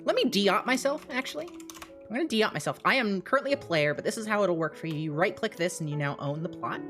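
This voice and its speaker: Speaking at a medium pitch over soft background music, a young woman on a live stream races breathlessly through an excited walkthrough of her game mode, laughing between phrases.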